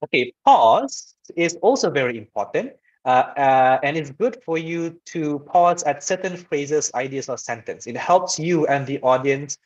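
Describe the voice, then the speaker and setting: This is an informal online lecture on public speaking from a man whose voice is a little high, with lively intonation and a measured pace. He talks conversationally, checks in a lot with "okay" and "all right," and alternates loudness to illustrate voice patterns. The audio is dull and lo-fi.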